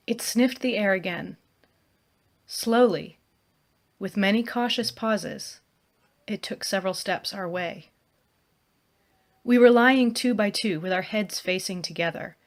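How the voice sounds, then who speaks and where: Woman reading her novel in a hushed voice. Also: mid-range voice, a little slow, pauses often. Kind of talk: first-person fiction narration.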